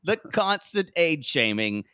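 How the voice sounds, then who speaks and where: A man co-hosting a casual reality-TV podcast, talking in an animated, jokey way and slipping into mocking impressions. His voice sits a touch high and swoops widely in pitch. The sound is close and dry, with no room. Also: slow pace, clean tone, no room sound. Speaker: podcast co-host. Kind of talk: casual chat recapping reality TV.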